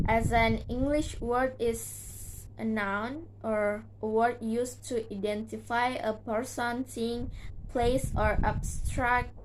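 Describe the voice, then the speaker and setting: A woman's voice: fairly high pitch, a little hiss or hum, poor audio. A young woman, a native Indonesian speaker, reads a class presentation with many fillers and restarts. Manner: slow, halting delivery with frequent "uh" fillers and restarts. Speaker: student presenter.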